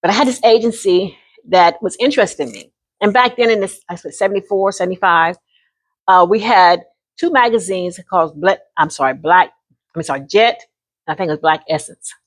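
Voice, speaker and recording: A woman in her sixties telling a personal story to camera in an animated, folksy way, often calling the listener honey. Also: on the low side, fairly quick. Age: 60s. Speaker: vlogger.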